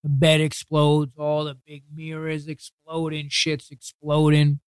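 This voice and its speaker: A man's voice: on the high side, monotone, clean tone, no room sound. Blunt, foul-mouthed New York man. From New York City. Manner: heavy swearing, blunt street talk; acts out others' words in quick retellings. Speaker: guest. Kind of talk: casual storytelling interview.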